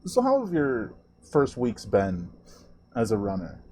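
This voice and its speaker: A man's voice: mid-range voice, huge pitch swings, measured pace, dark tone, breathy edge, exaggerated voice. A man voicing a friendly, strong male tavern regular who wins at arm wrestling, with a hearty, welcoming manner, in a tabletop game.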